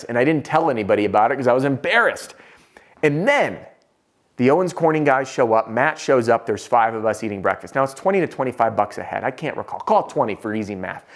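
Animated man telling a story. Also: mid-range voice, brisk. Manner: animated, acts out quoted lines, drops to a murmur for whispers. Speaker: sales trainer. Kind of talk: storytelling to camera.

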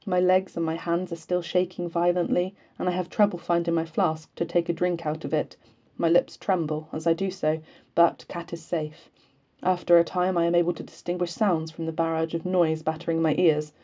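A woman reads a novel aloud in a low, mellow voice. Her delivery is measured and fairly flat, and she leaves small slips in. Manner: measured, unhurried, with occasional slips left in. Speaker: audiobook reader. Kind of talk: audiobook reading of a novel.

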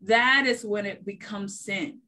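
A woman's voice: medium pitch, unhurried, bright, forceful tone. A woman in a faith discussion who explains her points steadily, listing them one after another. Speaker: panelist.

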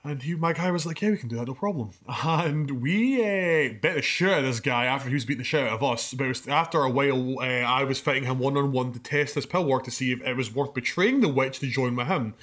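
A young man co-hosting a podcast, telling a story in casual chat, animated and profane, laughing as he goes. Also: mid-range voice, brisk, few pauses. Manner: animated, swears a lot, laughs mid-sentence. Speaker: podcast co-host.

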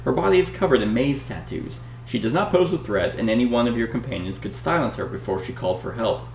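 A man's voice: mid-range voice, quick pace, gravelly. A man casually playing a board game, reading the story aloud with dramatic flair and chatting with his partner. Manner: dramatic read-aloud, lively banter. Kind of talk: casual play-through with read-aloud narration. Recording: echoey room, faint hum.

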